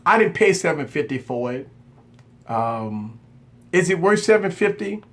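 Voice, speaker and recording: A man's voice: fairly high pitch, sing-song, a little slow. A man hosting a tech channel, talking straight to his viewers in a casual live chat. He is candid and insistent, repeating himself to stress his point.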